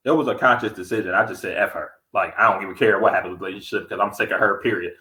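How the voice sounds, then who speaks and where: A man co-hosting a podcast in casual chat, blunt and animated, acting out heated quotes. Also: lowish voice, very fast, roomy sound, low-quality recording. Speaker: podcast co-host.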